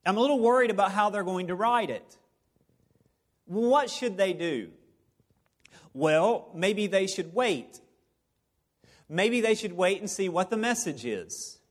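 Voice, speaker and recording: High-voiced man preaching playfully. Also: lively intonation, measured pace, long pauses. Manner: playful, repetitive, conversational preaching. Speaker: pastor. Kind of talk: sermon. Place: church service before a live congregation.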